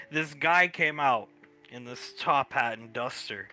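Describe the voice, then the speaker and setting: Man, very bright voice, role-play chat, laughing storyteller, faint music behind. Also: medium pitch, slow pace. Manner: laughing storyteller, narrates his own actions. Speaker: tabletop role-play player.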